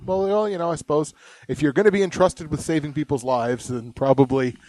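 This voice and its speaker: A man's voice: fairly high pitch, steady tone, a little fast, darkish tone. A young man co-hosting a casual live podcast, chatty and rambling, laughing often. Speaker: podcast co-host.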